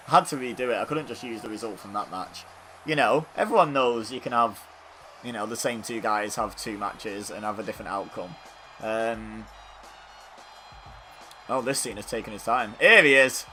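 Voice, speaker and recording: He's a gaming YouTuber giving easygoing commentary on a wrestling video game, in a bright, forceful voice of medium pitch. The talk wanders and fills up with fillers, and he often turns the joke on himself.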